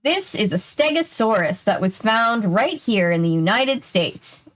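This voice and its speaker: A woman doing a measured museum professor. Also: mid-range voice, very animated. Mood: patient. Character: patient male museum professor, dry and proper.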